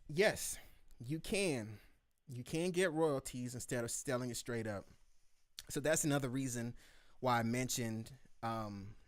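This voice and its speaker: A man hosting a live beat review show, telling a story in casual chat and acting out the quotes with lively voices. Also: medium pitch, measured pace, dry recording, studio quality.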